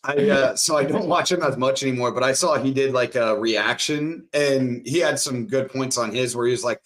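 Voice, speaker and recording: A man's voice: medium pitch, moderate pace, a bit bright. A man ranting profanely in a casual podcast chat. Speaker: podcast co-host.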